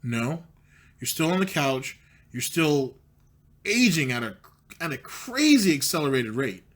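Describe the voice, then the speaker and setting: A man's voice: a little high, sing-song, unhurried, a bit bright. A man hosting a commentary show, talking in a mocking, needling way with plenty of profanity. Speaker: commentary host. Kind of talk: sarcastic commentary.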